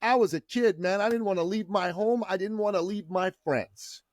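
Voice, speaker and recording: High-voiced guy from iran, preachy and fired up, dry close mic. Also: normal speed, no echo. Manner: fervent, preacher-like delivery. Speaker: entrepreneur guest. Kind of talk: podcast interview storytelling.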